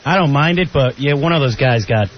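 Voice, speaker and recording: A man's voice: medium pitch, expressive, a little fast. A man working as a radio producer, answering the hosts in an unsure, mumbling way. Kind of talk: casual radio chat. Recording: dull lo-fi radio broadcast, faint music.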